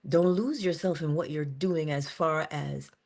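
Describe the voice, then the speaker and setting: Woman, slightly low voice, motivational speaker, casual heartfelt monologue with punchy emphasis. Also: a little slow, creaky, darkish tone. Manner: casual, earnest, conversational with sudden emphasis. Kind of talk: inspirational monologue to camera.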